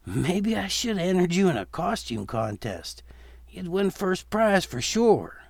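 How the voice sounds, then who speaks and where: A man's voice: high-pitched, very animated, unhurried, creaky, a little mellow, no room sound, voice pushed up, heavily acted. A man voicing a good-natured father who teases his young son in a spooky story. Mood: teasing, fatherly. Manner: teasing, fatherly, turns stern.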